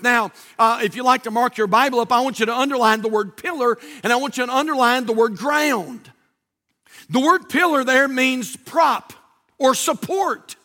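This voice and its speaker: A very high-pitched male pastor preaches a sermon, drawing out key words slowly for emphasis and building up to shouts.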